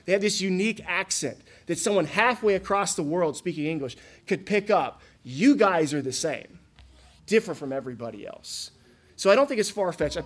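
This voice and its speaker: A man's voice: a little high, fairly bright tone. A man from Florida preaching a sermon in a casual, conversational way, often asking the listeners questions. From Florida, USA. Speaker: pastor.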